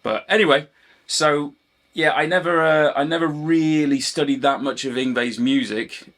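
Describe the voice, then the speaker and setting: A British man with a fairly high, steady, fairly bright voice talks at normal speed. As a guitar teacher and channel host, he chats casually to camera, wanders off topic, and often apologises, self-deprecatingly, for rambling.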